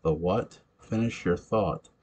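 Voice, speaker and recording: A man's voice: low-pitched, slow, a little mellow, slight background noise. A man reading the part of a jealous, enraged male vampire in an amateur audiobook, with a snarling, menacing delivery.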